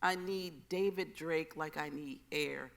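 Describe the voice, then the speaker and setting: A woman poet speaking on a festival panel, earnest, emphatic and expressive. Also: low-pitched, measured pace, vocal fry. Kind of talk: panel conversation. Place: festival stage.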